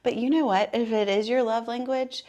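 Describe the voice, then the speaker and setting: A woman's voice: a little high, fairly even intonation, moderate pace, dark tone. A woman co-hosting a casual chat from a room in her home, talking in a rambling way with many asides. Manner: chatty, rambling, with frequent asides. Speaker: podcast co-host.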